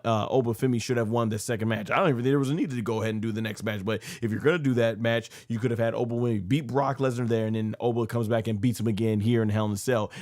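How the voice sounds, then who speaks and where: Guy on his review channel rambling thru a recap, lowish voice, dry close sound. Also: a little mellow, no echo. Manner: rambling, self-correcting storyteller. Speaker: wrestling review channel host. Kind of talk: casual spoken event recap.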